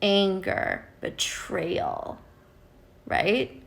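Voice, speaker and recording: A woman's voice: medium pitch, huge pitch swings, very slow, creaky. A woman coach talking casually to her viewers, candid, swearing freely and often ending points with "right?". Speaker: love and spiritual coach. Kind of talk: casual livestream talk to viewers.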